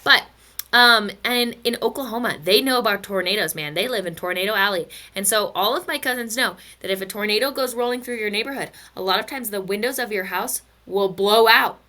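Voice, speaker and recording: Bright-voiced playful physics teacher woman. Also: mid-range voice, fairly quick. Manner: chatty, playful storytelling with silly asides. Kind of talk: recorded video lesson.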